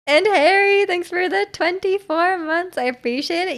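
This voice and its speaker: High-voiced giggly woman streamer. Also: normal speed, a bit bright. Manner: chatty and giggly, with frequent laughs and filler words. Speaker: livestream host. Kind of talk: casual chat reading viewer messages.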